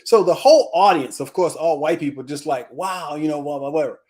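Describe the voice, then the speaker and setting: A man's voice: on the high side, fast talker. A man, addressed as coach, telling a story in a live group discussion. His voice rises and falls a great deal as he goes. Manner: animated storyteller, voice swings up and down.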